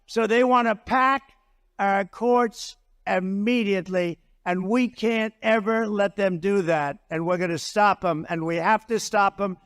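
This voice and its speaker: A man's voice: high voice, fairly even intonation, unhurried, fairly bright tone, no room sound, studio quality. Older man giving a rambling rally speech. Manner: rambling, repetitive, boastful asides. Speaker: political candidate. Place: political rally stage.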